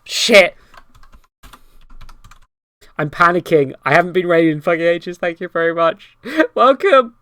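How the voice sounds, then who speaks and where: A woman streamer commenting on a game in a rambling, excitable way and swearing often. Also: lowish voice, a little slow, long pauses. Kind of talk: casual gameplay commentary.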